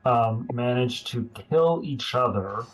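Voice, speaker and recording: Slow, halting male game master. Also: mid-range voice, expressive, a little hiss or hum, poor audio. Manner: halting, filler-laden narration. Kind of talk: narrating a tabletop game.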